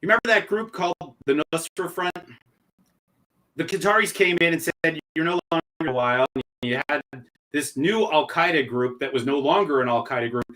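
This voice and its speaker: A man's voice: on the high side, a little fast, sharp tone, low-quality recording. A man hosting a policy podcast, asking questions in a wry, sardonic way. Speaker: host. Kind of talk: conversational podcast interview.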